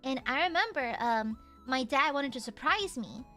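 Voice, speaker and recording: A woman livestreamer chatting casually, giggling often and rambling through fillers. Her voice sits high and sounds bright. Soft background music plays beneath her. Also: animated, moderate pace. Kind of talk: casual chat with viewers.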